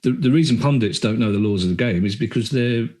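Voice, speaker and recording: A middle-aged man chats as a podcast guest. He is animated and tells stories with quick asides. He often acts out the voices of the people he quotes. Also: medium pitch. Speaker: podcast guest, comedian and author. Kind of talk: casual chat.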